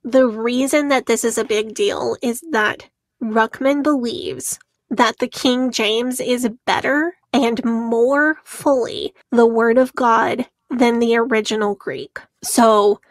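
A woman's voice: fairly high pitch, steady tone, slow, no echo. A woman co-hosting a podcast in casual chat. She tells the story with energy and often laughs as she reads out quotes. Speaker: podcast co-host.

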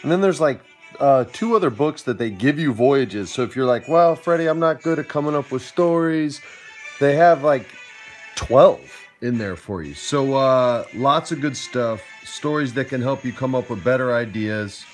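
A man's voice: medium pitch, animated, normal speed, faint music behind. A man hosting a casual video about a tabletop game, laid-back and joking, with plenty of "like" and "uh". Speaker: host and game master.

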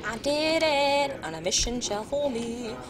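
A woman commentating her own live gameplay stream, excitable and often shrieking or laughing at the game. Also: sits high, measured pace. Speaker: game studio presenter. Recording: music playing behind.

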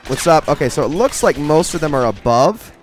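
Excitable young man narrating gameplay. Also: on the high side, brisk, music in the background. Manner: excitable, talks to himself and enemies while playing. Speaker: gaming channel host. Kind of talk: casual gameplay commentary.

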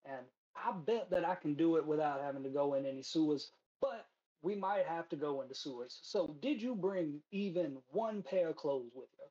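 A man voicing a charming but nervous male recruiter in a ten-gallon hat, who talks smoothly and then frets. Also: on the high side, normal speed, dark tone, lo-fi sound, lightly acted. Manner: smooth talker who turns anxious and rambling.

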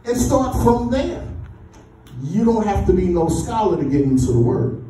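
A man's voice: high voice, sing-song, moderate pace, dark tone, slight background noise. A man preaching a sermon in a church, exhorting the congregation with call-and-response. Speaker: pastor. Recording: echoey church from far off.

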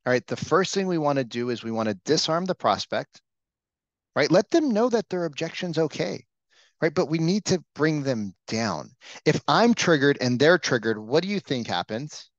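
A man's voice: on the high side, very animated, moderate pace, dry recording, highs cut off. A man leading a sales training session, talking casually and coaching the room with frequent questions. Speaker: real estate sales trainer. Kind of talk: live training session talk.

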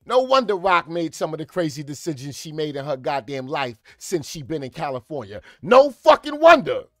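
A man giving profane comedic reaction commentary, ranting and breaking into sudden shouted outbursts. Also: on the high side, animated, a little fast, no room sound, studio quality, faint music behind.

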